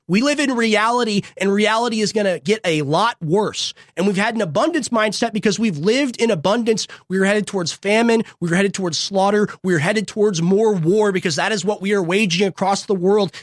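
Young host ranting fervently, dry studio. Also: no room sound. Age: young adult. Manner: fervent, preachy, repetitive rallying lines; big swings in pitch and loudness. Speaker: show host. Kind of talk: impassioned political monologue.

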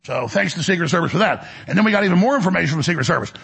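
A middle-aged man with a gravelly, raspy voice, hosting a heated, digressive political monologue. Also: high-pitched, lively intonation, rapid-fire, fairly bright tone. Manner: angry ranting, digressive, voice swings up when worked up. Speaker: talk show host.

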